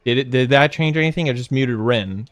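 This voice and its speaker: A man's voice: mid-range voice, brisk, no room sound. A male streamer chatting casually while he plays a game, rambling, trailing off and swearing now and then. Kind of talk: casual gaming stream chat.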